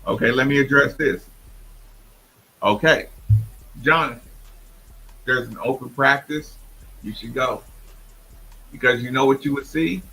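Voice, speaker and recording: A man hosting a sports talk show, emphatic and animated, often imitating others. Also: mid-range voice, measured pace, pauses often, low-quality recording. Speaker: host.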